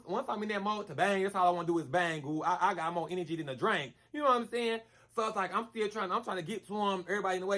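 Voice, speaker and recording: A high-voiced man narrates a casual storytime vlog, animated and full of slang. He keeps calling the listener "girl" and acts out the punches with sound effects.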